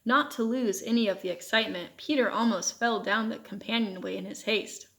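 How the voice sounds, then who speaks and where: A woman narrates a children's novel in a steady, measured reading voice. Her pitch sits in an ordinary middle range for a woman. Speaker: audiobook reader. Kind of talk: audiobook narration.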